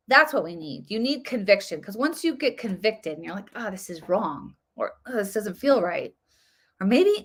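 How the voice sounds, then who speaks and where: A woman's voice: mid-range voice, a bit bright. A woman hosting a livestream, talking earnestly in a loose, preachy way and repeating phrases for emphasis. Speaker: host of a faith and politics livestream. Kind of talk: casual livestream talk with preaching.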